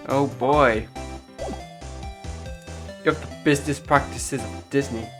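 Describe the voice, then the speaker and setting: Low-voiced, sarcastic woman streamer. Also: fairly even intonation, slow. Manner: sarcastic, profane, offhand. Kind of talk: casual game commentary. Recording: game music behind the voice.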